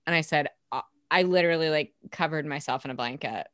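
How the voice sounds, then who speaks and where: A woman's voice: sits low, fast talker, few pauses, a bit bright, no room sound, studio quality. A young woman co-hosting a casual rewatch podcast, gushing and dramatic and swearing freely. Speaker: podcast co-host.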